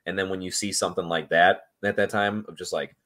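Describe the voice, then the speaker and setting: Low-voiced man rambling in casual chat. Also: steady tone, brisk, a bit bright. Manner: rambling, hesitant with frequent ums. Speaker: podcast panelist.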